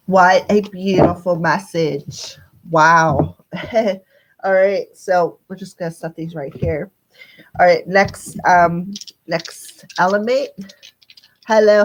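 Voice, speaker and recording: Woman, squeaky voice, chatty live-stream tarot reader talking right to her viewers. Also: a little hiss or hum, low-quality recording. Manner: chatty, talks straight to viewers. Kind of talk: casual live-stream card reading.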